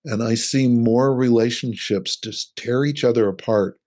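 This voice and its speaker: A middle-aged man speaking as an interview guest, earnest and explanatory. His voice sits at an ordinary middle pitch, and he talks through his ideas in a relaxed conversational way. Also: a little slow. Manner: earnest, explains with acted-out examples. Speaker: relationship coach, interview guest.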